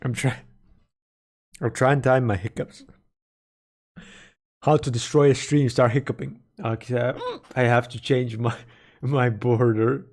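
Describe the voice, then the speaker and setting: This man speaks at a moderate pace in a mid-range, slightly mellow voice. On a casual live stream, he wanders through game lore, speculating aloud and catching and fixing his own mistakes.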